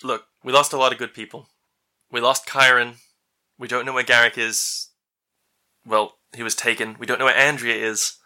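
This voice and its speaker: A pragmatic woman leader talks quickly and matter-of-factly in a crisp, bright tone, as a man plays her at the game table. She keeps things practical. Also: mid-range voice, level tone. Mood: resolute. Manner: brisk, matter-of-fact.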